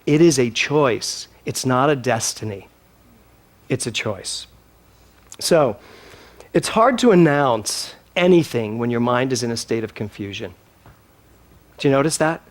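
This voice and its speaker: A man's voice: medium pitch, expressive, a little slow, long pauses. A man giving a playful, theatrical spiritual talk to a congregation, teasing listeners and acting out little scenes. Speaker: minister.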